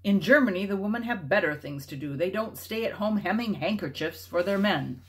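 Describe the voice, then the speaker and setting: A woman's voice: medium pitch, animated, fairly quick, close to an everyday voice. A woman reading aloud the lines of a scornful, harsh adult male soldier. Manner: sneering, harsh.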